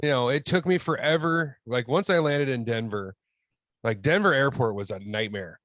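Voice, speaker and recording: Man, grumbling, swears constantly, medium pitch, dry close mic. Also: moderate pace, fairly bright tone, dry recording. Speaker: returning podcast guest. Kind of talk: casual podcast storytelling.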